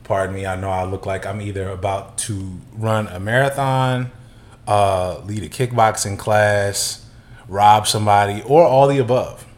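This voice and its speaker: A man co-hosting a casual podcast, laid-back and quick to laugh. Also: on the low side, fairly even intonation. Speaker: podcast co-host. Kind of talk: casual chat.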